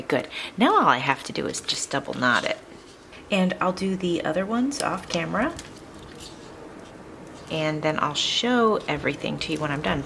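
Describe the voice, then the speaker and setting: A woman's voice: low voice, noisy background. A woman hosting a crafting tutorial, chatting in a casual, upbeat way and laughing now and then as she works. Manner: chatty, upbeat, laughs often while working. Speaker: craft video host.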